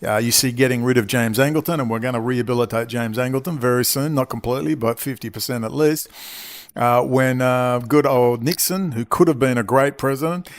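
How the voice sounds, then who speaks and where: A man's voice: medium pitch, brisk. A man, from Australia, delivering an angry, profane, rambling monologue as a commentator. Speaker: independent commentator. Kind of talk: ranting monologue.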